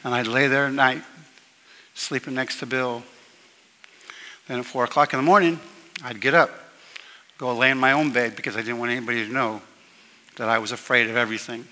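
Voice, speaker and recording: In a church hall at a memorial service, a younger brother eulogizes his late brother, sharing personal anecdotes haltingly with many fillers and restarts. His mid-range voice is steady, bright and forceful, with a slip of Southern US accent. The large hall leaves a long reverb.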